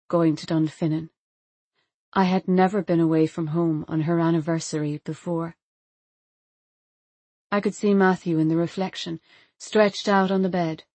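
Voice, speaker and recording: A woman narrates a first-person novel in a quiet, measured, intimate voice. Her voice sits fairly low, and the recording is close and dry, with no room echo. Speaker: audiobook narrator.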